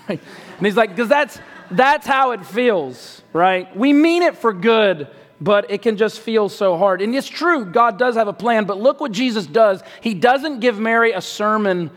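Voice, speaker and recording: High-voiced man preaching in a reverberant hall. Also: expressive, unhurried. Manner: conversational, often drops quiet for emphasis. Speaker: pastor. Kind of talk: sermon.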